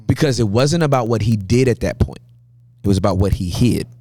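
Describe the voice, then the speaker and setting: A man speaking as a guest pastor, telling animated sermon-style stories with a preacher's cadence and frequent laughter. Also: lowish voice, fairly quick, no echo.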